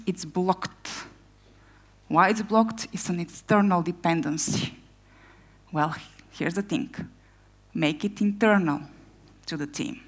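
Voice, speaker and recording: Woman product owner, conference talk, energetic, heavy on rhetorical questions. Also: mid-range voice.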